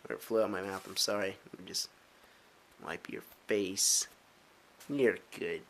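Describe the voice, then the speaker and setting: A man's voice: low voice, steady tone, unhurried, creaky, a little hiss or hum. A young man in his teens, rambling casually to camera in a vlog, full of filler words, restarts and giggly asides. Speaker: vlogger.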